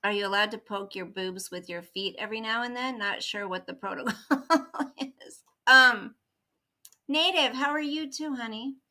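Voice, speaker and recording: Bright-voiced woman chatting on a livestream. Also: on the high side, normal speed. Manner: chatty, rambling storytelling, greets viewers mid-story. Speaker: livestream host chatting with viewers. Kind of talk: casual livestream chat.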